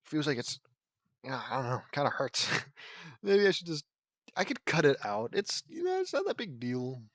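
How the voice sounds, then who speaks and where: A man's voice: fairly high pitch, big pitch swings, normal speed, a bit bright, no room sound, clean studio sound. Rambling, exasperated man reading fan fiction. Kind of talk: audiobook reading with commentary. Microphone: home mic.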